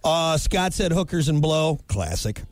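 A man's voice: fairly high pitch, lively intonation, unhurried, no echo. A man, co-hosting a show in casual, playful banter and reading listener answers aloud. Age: 30s. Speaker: radio show co-host.

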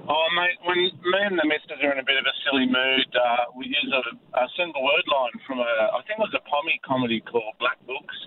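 Laid-back Australian caller on phone line. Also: male voice, mid-range voice, brisk, few pauses, a crowd in the background. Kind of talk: casual phone call.

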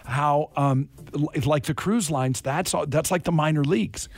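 A man hosting a morning radio show, chatting casually with quick, joking asides. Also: fairly high pitch, creaky.

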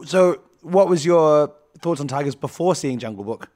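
A man with a slightly high voice riffs in a loose, comedic podcast conversation. He rambles, restarts and breaks into laughter often. The sound is dry and close, with no room around it. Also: lively intonation, normal speed, a little mellow, dry recording. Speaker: podcast co-host. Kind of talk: casual comedic chat.

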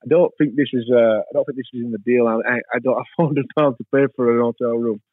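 He's an interview guest from England, telling rambling stories in a casual interview and performing the voices of the people in them. He talks fast at a medium pitch with fairly even intonation; the tinny, phone-like recording is dry with no room sound.

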